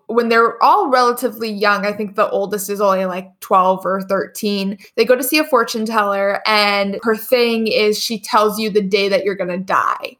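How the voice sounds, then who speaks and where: A woman's voice: mid-range voice, fairly bright tone. A woman co-hosting a book podcast, casually explaining a novel's premise. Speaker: podcast co-host.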